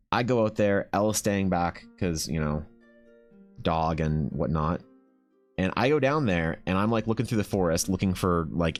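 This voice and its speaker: A young Canadian man telling a rambling story to his stream chat, casual and full of swearing and fillers. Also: low voice.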